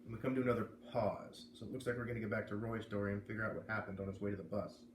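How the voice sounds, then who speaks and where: A man reading a chapter of a novel aloud, voicing the characters with lively shifts. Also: fairly low pitch, racing, echoey room, background noise. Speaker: reader.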